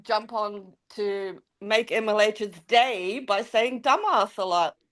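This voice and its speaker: A woman's voice: medium pitch, takes it slowly, crowd noise. An Australian woman chatting casually as a guest on a live stream, teasing and laughing often. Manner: giggly, teasing. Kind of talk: casual chat.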